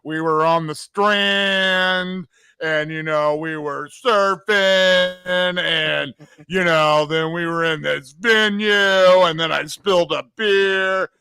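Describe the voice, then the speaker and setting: A rambling, laid-back punk singer, put on by a man. He drawls slowly in a raised voice. He sounds dreamy and unhurried. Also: high voice, steady tone, vocal fry, pushed and bright, smooth, no room sound, pitched above the performer's own voice, heavily acted.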